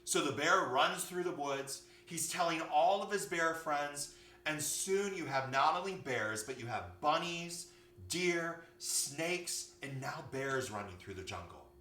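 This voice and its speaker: A yoga teacher tells a children's story in an animated, expressive way, his bright, slightly high voice swooping through a lively range at a measured pace. He sits far from the mic in an echoey room, with a faint hum in the background.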